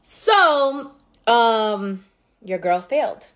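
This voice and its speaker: A woman in her thirties from New York with a New York accent, hosting a casual livestream and telling a story straight to her viewers in a candid, profane, animated way. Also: a little high, very slow. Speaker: livestream host.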